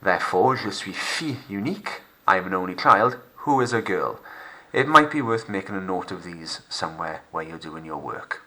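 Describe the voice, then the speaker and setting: A male French teacher narrating a recorded remote lesson, slowing down to model pronunciation for pupils to repeat. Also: low voice, pushed and bright. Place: home recording for lockdown learning.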